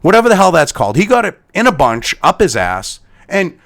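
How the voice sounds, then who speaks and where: A man's voice: high-pitched, big pitch swings, quick pace, few pauses, fairly bright tone. A man delivering an angry, profane commentary rant, exasperated and swearing constantly. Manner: swearing heavily, exasperated, sighing. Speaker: commentary host.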